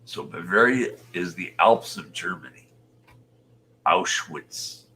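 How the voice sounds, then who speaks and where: A man in his sixties from Utah, a show host chatting casually with viewers, rambling and muttering soft half-whispered asides. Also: sits low, animated, slow. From Utah, USA. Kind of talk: casual livestream chat.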